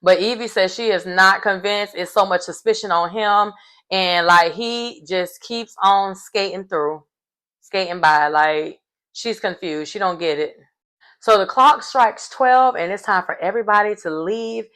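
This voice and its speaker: A woman's voice: medium pitch, measured pace, fairly bright tone. Chatty woman recapping a reality show. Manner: chatty, gossipy, acts out the quotes.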